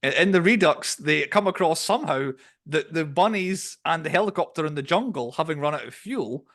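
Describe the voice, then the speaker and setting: A man co-hosting a podcast, casually reviewing a film in an opinionated, animated way. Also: fairly high pitch, brisk. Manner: opinionated, animated storytelling with quoted voices. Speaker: podcast co-host.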